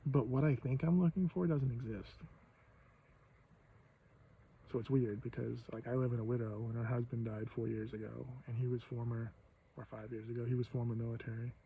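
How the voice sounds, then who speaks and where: Host, man in his fifties, rough fry in the voice, faint vehicle hum behind. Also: medium pitch, steady tone, a little fast, phone-quality sound. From Maine, USA. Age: 50s. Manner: rambling, profane, loud bursts of emphasis. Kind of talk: casual monologue.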